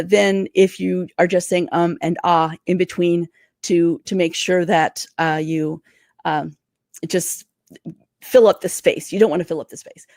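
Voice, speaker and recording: Fast-talking energetic woman career coach. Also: medium pitch, dry recording, studio quality. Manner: energetic, talks fast and excitedly. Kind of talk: livestream coaching talk.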